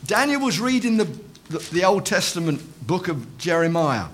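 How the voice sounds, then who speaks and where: A man's voice: high-pitched, sing-song, moderate pace, fairly bright tone, a little hiss or hum. A man preaching a sermon in church, emphatic, repeating his phrases and calling for amens.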